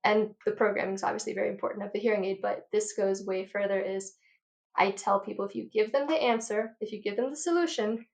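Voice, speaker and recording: A woman in her thirties, an audiologist, talking passionately and quickly in an interview, a bit out of breath. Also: medium pitch, gravelly, darkish tone. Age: 30s. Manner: passionate, rapid lecturing. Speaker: audiologist guest. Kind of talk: enthusiastic interview talk.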